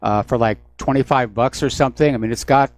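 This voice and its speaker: Steady male talk radio host, mid-pitched, measured and a bit halting. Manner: calm and thoughtful, many hesitations.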